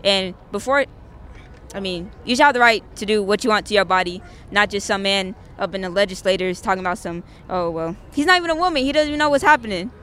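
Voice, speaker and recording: Bright-voiced young woman from Georgia. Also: mid-range voice, quick pace, slight background noise. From Georgia, USA. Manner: earnest, filler-heavy speech with many "like"s. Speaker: passerby interviewee. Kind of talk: casual street interview. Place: outdoors on a city street.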